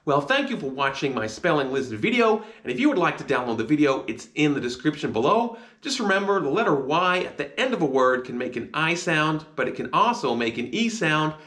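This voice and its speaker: A man's voice: a little high, sing-song, a little fast, few pauses, a bit bright. A man teaching a phonics spelling lesson, sounding out each word letter by letter.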